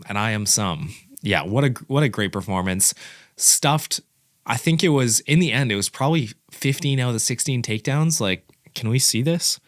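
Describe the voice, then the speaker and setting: A man giving casual, excitable commentary as the host of a fight reaction channel, rambling and correcting himself as he goes. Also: medium pitch, no room sound, clean studio sound.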